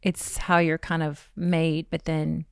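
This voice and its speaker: A woman in her forties chatting casually as a podcast guest, telling animated stories and acting out what others said. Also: sits low, slow pace, vocal fry, clear, resonant tone, no room sound, studio quality. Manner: animated storytelling, acting out quotes. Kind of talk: casual chat.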